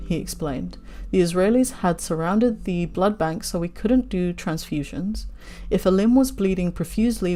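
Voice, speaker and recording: A woman's voice: lowish voice, dark tone. A woman reading news articles aloud, breaking off into heated, sweary asides as she holds back tears.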